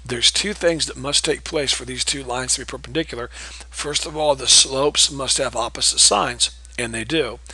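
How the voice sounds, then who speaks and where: Male teacher, bright edgy tone, a bit husky; patient, repeats key points with frequent "okay?" checks. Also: mid-range voice, normal speed, low-quality recording. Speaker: math teacher. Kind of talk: recorded geometry lesson.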